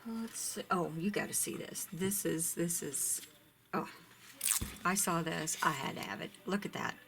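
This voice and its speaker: A chatty woman shows off craft ribbons, gushing over each one and often sinking into a near-whisper. Her voice sits a little low, and a faint room hum runs underneath. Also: measured pace, creaky. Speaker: craft shop owner showing ribbons. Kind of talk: casual product show-and-tell.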